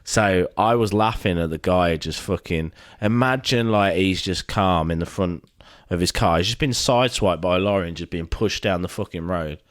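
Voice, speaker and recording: A man's voice: sits low, moderate pace, dry recording, clean studio sound. A British man co-hosting a podcast, telling a story in casual chat with lots of swearing and acted-out quotes. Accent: British English. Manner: animated storytelling, heavy swearing, acts out quotes. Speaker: podcast co-host.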